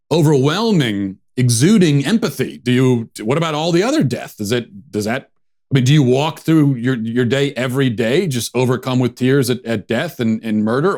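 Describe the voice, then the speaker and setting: A man's voice: medium pitch, darkish tone. A man hosting a show, giving sarcastic, mocking political commentary. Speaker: host.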